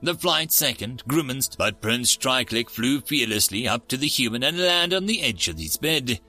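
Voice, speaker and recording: A man narrating a story in a steady storybook reading. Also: mid-range voice, normal speed, soft background music.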